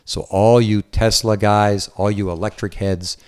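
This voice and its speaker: With a clear, resonant voice on the low side, he keeps a steady tone and a measured pace. He's a real estate agent from Southwest Florida, eagerly and chattily showing visitors around the inside of a house.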